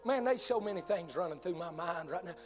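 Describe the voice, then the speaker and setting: A man's voice: high-pitched, expressive, brisk. A man preaching a sermon with passion, quoting King James scripture. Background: soft music.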